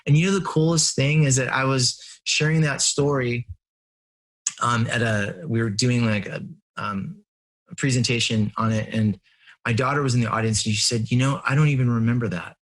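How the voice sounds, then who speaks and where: Earnest, animated middle-aged man. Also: medium pitch, moderate pace. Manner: earnest and animated, acts out quotes, laughs at himself. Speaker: interview guest, family and business coach. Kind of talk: conversational storytelling.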